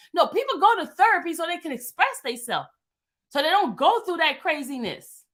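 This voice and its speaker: Very high-voiced impassioned woman in her 50s. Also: animated, fairly quick, fairly bright tone. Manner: emphatic, repetitive, venting. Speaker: vlogger. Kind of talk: impassioned monologue.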